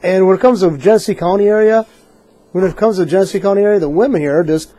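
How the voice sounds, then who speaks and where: Male co-host, quick-talking, high and mellow, blunt and opinionated. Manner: blunt and opinionated, repeats himself. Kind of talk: casual radio talk.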